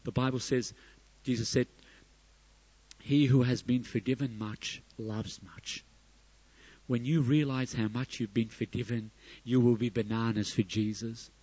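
A middle-aged man preaching a sermon, his voice swelling to loud emphatic peaks and then dropping soft. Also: medium pitch, steady tone, unhurried, no echo, highs cut off. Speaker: pastor.

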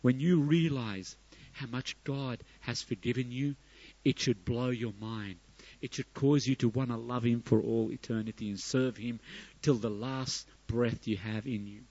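A middle-aged man preaching a sermon, his voice swelling to loud emphatic peaks and then dropping soft. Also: mid-range voice, fairly even intonation, measured pace, dull audio. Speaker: pastor.

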